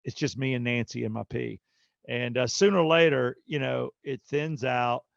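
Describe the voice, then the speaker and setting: A man's voice: medium pitch, normal speed, gravelly, no echo, highs cut off. A man co-hosting a podcast, telling a casual story and animatedly acting out the people in it with voices. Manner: animated, acts out quotes with voices. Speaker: podcast co-host.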